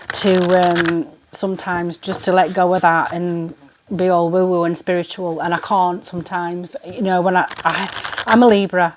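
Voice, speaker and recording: A woman, a tarot reader ranting in an exasperated, indignant vlog monologue. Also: on the low side.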